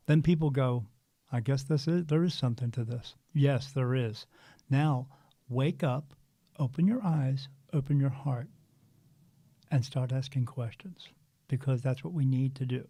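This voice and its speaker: A man in his fifties, a spiritual medium guest, telling a story in an earnest, animated way with frequent restarts. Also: medium pitch, a little slow, long pauses, no echo. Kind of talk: casual storytelling interview.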